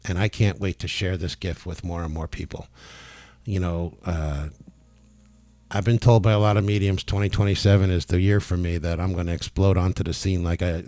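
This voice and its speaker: A man talking as a spiritual healer in a casual, emphatic monologue, excited and emotional enough to be near tears. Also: low-pitched, moderate pace, no room sound. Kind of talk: casual testimonial monologue to camera.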